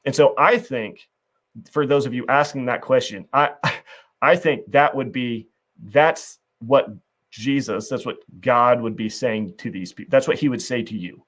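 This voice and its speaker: A man hosts a talk show, discussing faith in an earnest, reflective, conversational way. His voice is medium-pitched and fairly bright, his pace measured, and he frequently restarts his phrases.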